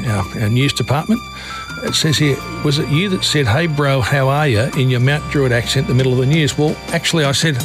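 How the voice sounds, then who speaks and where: A man with an Australian accent hosting late-night radio, talking casually and rambling with many fillers and restarts. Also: medium pitch. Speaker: radio host.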